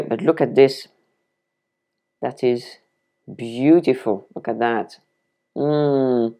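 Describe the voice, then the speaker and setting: A woman's voice: a bass voice, a little mellow. A woman with a French accent, hosting a casual cooking demonstration in her home kitchen and chatting enthusiastically to the viewer as she chops vegetables. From France. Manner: chatty and enthusiastic, talks to the viewer while chopping. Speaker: cooking video host.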